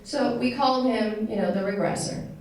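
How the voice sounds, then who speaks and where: A woman's voice: a little high, normal speed, a little mellow. A woman tells a personal story to an audience in a conversational, heartfelt way, with many fillers and self-corrections. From United States. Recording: echoey room, voice picked up from a distance with some noise.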